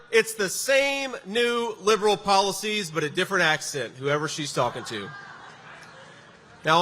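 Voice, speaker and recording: A man running for office gives a campaign rally speech in a large venue, his high, bright voice forceful with punchy emphasis and sarcastic jabs. The recording sounds echoey, like a hall, with faint background noise.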